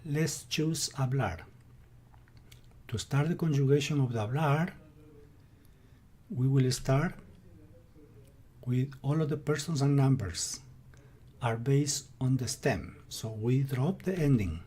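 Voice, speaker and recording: A man with an Ecuadorian Spanish accent teaching a grammar lesson, reading out verb lists in a slow, deliberate manner. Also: mid-range voice, warm tone, husky. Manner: slow, deliberate, drills word lists aloud.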